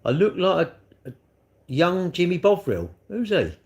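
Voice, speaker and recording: A man's voice: high voice, sing-song, unhurried. A middle-aged man talks loosely through a livestream, answering viewers as their comments come in. He rambles from one thought to the next and keeps tacking tag questions onto the ends of his sentences. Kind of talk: casual live chat answering viewer comments.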